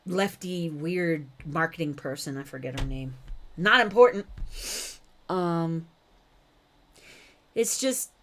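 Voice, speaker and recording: A woman hosting a reaction video, talking back to a clip in blunt casual commentary and swearing freely. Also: on the low side.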